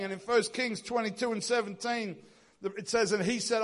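High-voiced male preacher telling a story. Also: steady tone, normal speed. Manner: storytelling preacher acting out dialogue. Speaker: pastor. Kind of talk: sermon.

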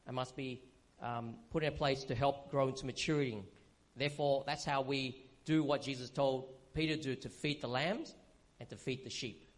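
A man teaching a sermon in a conversational way, often checking in with "okay?" and pausing on fillers. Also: on the high side. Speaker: pastor.

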